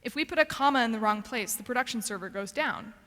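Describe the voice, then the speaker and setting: A woman's voice: fairly high pitch, expressive, fast, sharp tone, long reverb tail, soft background music. A woman giving a practical, earnest conference talk with frequent ums and restarts. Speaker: conference speaker.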